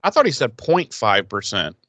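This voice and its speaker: A man co-hosting a podcast, casually retelling an episode with quick acted-out quotes and swearing. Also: mid-range voice, wildly swooping pitch, bright, forceful tone, no echo. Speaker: podcast co-host. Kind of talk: casual episode recap chat.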